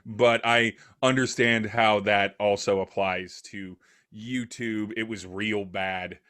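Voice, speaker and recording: A low-pitched man talks through ideas as a podcast guest, rambling and thoughtful. He fills his pauses with frequent "uh"s, and his tone stays conversational throughout. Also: fairly even intonation, pushed and bright, clean tone. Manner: thoughtful, rambling, many fillers. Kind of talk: casual conversation.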